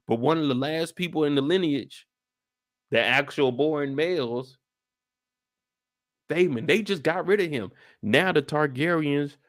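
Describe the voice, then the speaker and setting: A man casually rambling through a live episode recap in slangy, everyday speech. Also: a little high. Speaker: streamer and show recapper.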